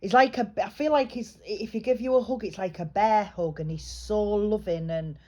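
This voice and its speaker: A woman with a mellow, warm tone gives a private psychic reading. She talks in a chatty, reassuring way and often pauses and restarts her sentences. Her pitch sits in an ordinary middle range. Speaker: psychic medium. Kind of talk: private spiritual reading, casual chat.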